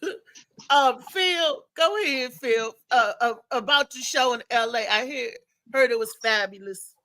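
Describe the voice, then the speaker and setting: Host, woman, high and bright, steers a loose live chat. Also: a little slow, no room sound. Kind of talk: casual live show chat.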